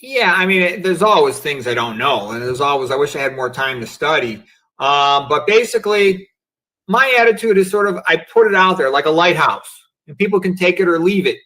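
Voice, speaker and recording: Speaking fairly quickly with lively intonation, a middle-aged man's high-leaning voice comes across bright and forceful. He is a physician joining a casual livestream interview by remote video, musing in a reflective, philosophical manner and leaning often on "you know" and "okay." The audio is low quality.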